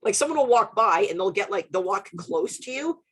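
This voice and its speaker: A young woman from Canada hosts a podcast in casual chat. She is an animated storyteller whose pitch swings widely, and her voice is a little husky. She swears freely and laughs often as she talks. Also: fairly quick. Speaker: podcast host.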